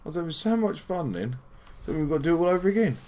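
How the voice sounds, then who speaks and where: A man commentating his first raid live, excitable and swearing, shouting warnings to his teammates. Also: on the high side, racing. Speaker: gamer commentating his own play. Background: game music.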